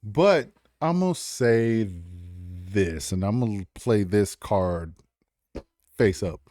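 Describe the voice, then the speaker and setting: A man co-hosting a podcast in casual chat, animated, swearing a lot and acting out movie lines between laughs. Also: on the low side, slow pace, dry recording, studio quality. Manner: heavy profanity. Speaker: podcast co-host.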